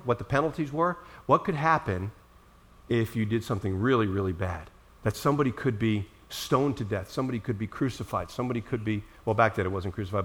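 A middle-aged man preaching a sermon as pastor, acting out quotes dramatically and swinging between loud and soft. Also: medium pitch.

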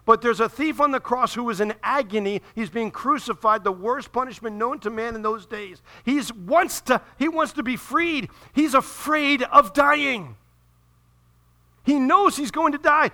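Male pastor, bright voice, pitched a bit high, impassioned sermon delivery. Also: normal speed. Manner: builds from calm teaching to loud impassioned preaching, acting out quoted voices.

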